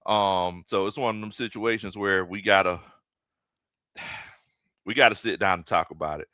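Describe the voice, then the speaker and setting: A man, a former football coach hosting a casual sports livestream in a folksy, animated way, shouting out viewers by name. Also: deep voice, a little slow, no echo.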